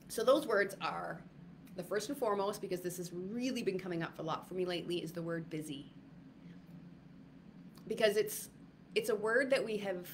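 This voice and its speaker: A woman's voice: lowish voice, a bit bright, slight background noise. A woman giving a casual livestream talk to viewers, rambling with many fillers and restarts. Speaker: wellness retreat speaker.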